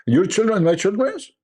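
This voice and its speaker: Guy doing mocking stream commentary, keeps laughing and putting on silly voices, mellow tone. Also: sits high, breathy edge. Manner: sarcastic, laughing often, mimics voices. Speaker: livestream host.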